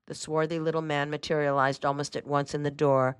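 A woman reading a mystery novel aloud as host of a story program, in a measured manner. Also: sits low, flat delivery, smooth, no room sound, studio quality. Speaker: host and reader.

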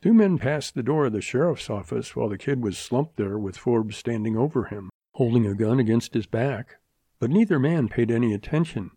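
A male narrator reading a western novel in a steady, measured way. His voice is mellow and warm, mid-pitched for a man. The recording is dry and close, with no room sound. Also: slightly rough, dry recording. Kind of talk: scripted audiobook narration.

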